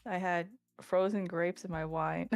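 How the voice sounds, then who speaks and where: A woman's voice: fairly low pitch, steady tone, a little slow, dry recording, faint music behind. A woman co-hosting a game stream, chatting casually, teasing and laughing often. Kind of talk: casual chat.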